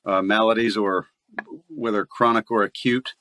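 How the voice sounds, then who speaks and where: A man with a fairly low voice speaks at normal speed, with no echo. He's a voice actor appearing as a guest in a casual podcast interview, chatting and telling stories with frequent laughs and animated voice play.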